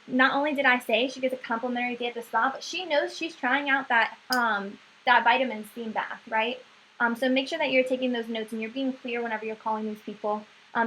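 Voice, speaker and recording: A woman's voice: on the high side, pushed and bright, a little hiss or hum, low-quality recording. A woman giving a staff sales training talk, coaching and often checking in with "right?".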